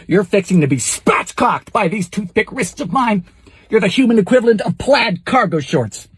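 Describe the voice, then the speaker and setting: Campy man with lively, swooping delivery. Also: high-pitched, normal speed. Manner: campy, sarcastic quips and sudden loud exclamations. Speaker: vintage recipe cooking host. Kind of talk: comedic cooking commentary.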